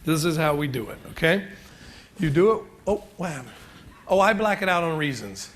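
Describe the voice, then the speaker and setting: Joking high-voiced man teaching a seminar. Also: animated, moderate pace, fairly bright tone, slight background noise. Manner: joking, chatty, asks the crowd questions. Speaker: real estate seminar speaker. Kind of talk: live seminar talk to an audience.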